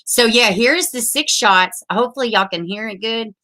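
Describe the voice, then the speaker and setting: A woman's voice: on the high side, normal speed, sharp tone. A woman, hosting a casual livestream, chatting with viewers, laughing often and swearing freely. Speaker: livestream host reading viewer comments.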